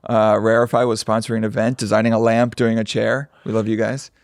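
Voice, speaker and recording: Man, podcast co-host, gravelly low fry, dry close sound, wry riffing. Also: flat delivery, fast, dry recording. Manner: riffing, wry, jokey asides. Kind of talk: casual comedic chat.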